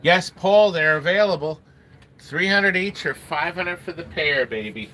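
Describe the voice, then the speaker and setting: A man's voice: fairly high pitch, unhurried, sharp tone. A middle-aged man hosting a casual livestream, chatting in a rambling way and greeting viewers by name. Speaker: livestream host selling arcade games. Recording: noisy room ambience.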